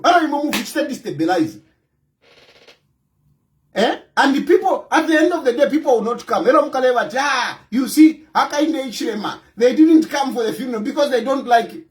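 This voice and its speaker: A Zambian man with a Zambian accent, an opposition party leader giving impassioned political commentary, emphatic and scolding, repeating his points. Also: extremely high pitch.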